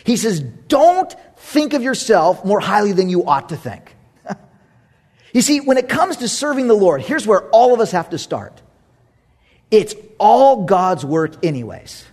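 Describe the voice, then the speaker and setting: A husky-voiced man preaches a sermon, telling a story in a lively, expressive way. His pitch leaps high on exclamations and then sinks low for hushed asides, and he laughs often as he talks. His voice sits slightly high for a man. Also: a little slow. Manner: animated storyteller, swings between loud and hushed, laughs often. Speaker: pastor.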